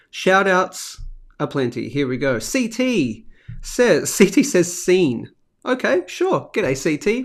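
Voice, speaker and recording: A middle-aged man with an Australian accent, hosting a live finance show in a chatty, upbeat way and reading viewer comments aloud. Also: fairly high pitch. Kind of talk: casual live-stream chat.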